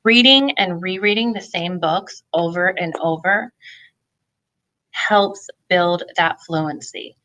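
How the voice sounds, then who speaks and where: A woman talks parents through reading games in a friendly, explanatory way, now and then pausing on an um. Her voice sits a little low but rings bright and forceful. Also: rough recording. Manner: friendly, explanatory, with filler ums. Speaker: family literacy presenter. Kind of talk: instructional talk for parents.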